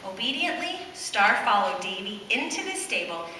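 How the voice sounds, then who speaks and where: A woman reading a picture book aloud to children in a church, pausing to ask them questions. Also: mid-range voice, background noise. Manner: animated, questions the children as she reads. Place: church, large indoor space. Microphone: far camcorder. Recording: echoey church hall from far off.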